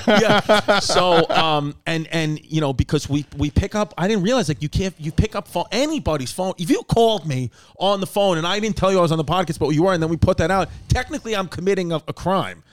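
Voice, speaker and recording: A man hosting a podcast, telling stories in a loose, animated, profane way. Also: high-pitched, fairly quick, few pauses. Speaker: podcast host. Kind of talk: casual chat. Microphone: podcast microphone.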